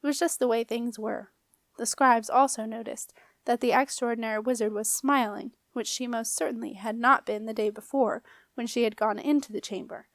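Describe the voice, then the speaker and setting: A woman narrating a children's fantasy audiobook in a clear, expressive manner. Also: on the high side, normal speed, no echo. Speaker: audiobook reader. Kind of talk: storybook narration.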